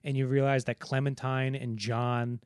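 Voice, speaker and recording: A man's voice: medium pitch, level tone, darkish tone, clear, resonant tone, dry recording. Rambling male podcast host, dry close sound. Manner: rambling, acts out movie lines in quick put-on voices. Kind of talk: casual film discussion.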